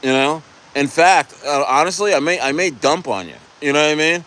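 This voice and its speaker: A man's voice: fairly high pitch, lively intonation, a little fast, sharp tone. A man chatting casually on a live stream about crypto, rambling, restarting his words and swearing often.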